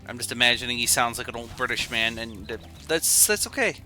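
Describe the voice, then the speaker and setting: A young man talks over his gameplay stream, rambling from joke to tangent and poking fun at himself. His voice is very bright and cutting, with faint music underneath. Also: mid-range voice, monotone, fairly quick. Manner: rambling, goofy and self-deprecating. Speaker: game streamer. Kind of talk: casual gameplay commentary.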